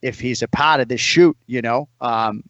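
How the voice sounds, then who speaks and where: A man's voice: medium pitch, normal speed, a bit bright, no room sound. A man hosting a podcast in casual, joking chat, swearing freely and rambling. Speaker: podcast host.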